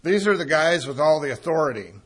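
An older man teaching a Bible sermon in a conversational way, asking his listeners questions and pausing on fillers as he thinks. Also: on the high side, animated, a bit bright. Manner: conversational, asks the audience questions, frequent fillers. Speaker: preacher.

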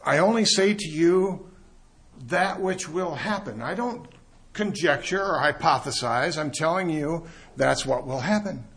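A man's voice: a little high, expressive, unhurried, fairly bright tone, breathy edge. A man teaching a Bible lesson, thinking aloud and correcting himself as he goes.

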